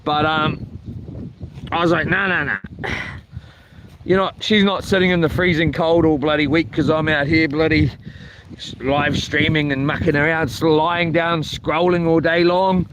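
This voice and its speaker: A rambling man, talking high in his range as he chats his way through a camping vlog. He fills his talk with ums and mild swearing. Wind and outdoor noise sit clearly behind him. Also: flat delivery, normal speed. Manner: rambling, swears mildly, many fillers. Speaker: camping vlogger. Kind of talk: casual vlog chat. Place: outdoors at a coastal campsite.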